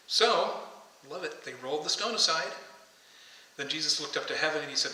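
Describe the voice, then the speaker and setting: A man delivers an impassioned sermon from the pulpit, and his voice sits a little high and sounds strikingly bright. The church around him is roomy and echoey, so every line hangs in the air. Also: brisk, far from the mic. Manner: impassioned, shouting the calls to come out. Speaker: pastor. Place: church sanctuary.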